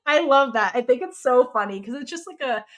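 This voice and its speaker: A woman co-hosting a podcast in casual chat, animated, acting out characters' lines with sudden jumps in pitch. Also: a little fast. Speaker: podcast co-host.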